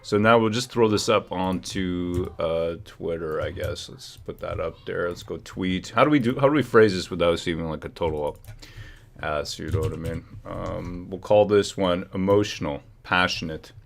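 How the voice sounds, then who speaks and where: A man's voice: deep voice, normal speed, gravelly. A man hosting a casual livestream, joking and teasing, humming and muttering to himself while he works at his computer. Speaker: livestream host.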